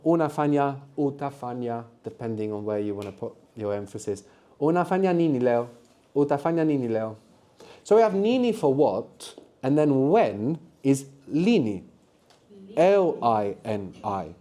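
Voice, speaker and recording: Patiently prompting students with questions and answers, a man leads a live language workshop at a university lecture room. His voice sits in the mid-range and has a dark tone.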